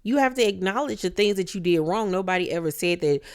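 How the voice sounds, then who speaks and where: Woman, low voice, casual TV recap, blunt, swears freely, acts out quotes. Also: fast. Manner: blunt, profane, animated retelling with quoted voices. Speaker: reality TV recap YouTuber.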